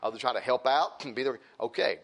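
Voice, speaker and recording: A man's voice: mid-range voice, quick pace, fairly bright tone, slight background noise. A man preaching a sermon, emphatic and repetitive, with folksy asides to the congregation.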